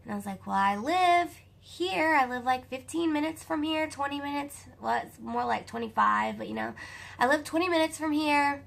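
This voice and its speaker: A young woman with a Southern US accent telling a personal story to camera in a chatty, animated way, often calling out to her viewers. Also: fairly high pitch, gravelly. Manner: animated, chatty, addresses viewers as you guys.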